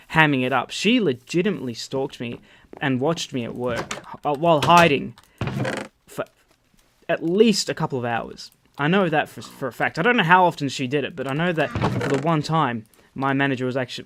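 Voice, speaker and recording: A man with an Australian accent telling rambling, animated stories while commentating his gameplay, swearing freely. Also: medium pitch, noisy background. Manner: rambling, animated anecdotes with profanity. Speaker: gaming channel host. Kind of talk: storytelling over gameplay commentary.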